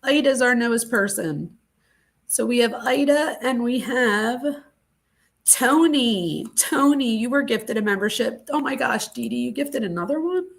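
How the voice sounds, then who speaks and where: A woman's voice: fairly high pitch, lively intonation, unhurried, creaky. A woman hosting a true crime livestream, gushing with thanks to her viewers and moved close to tears. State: teary, close to crying. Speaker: true crime channel host. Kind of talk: casual livestream chat.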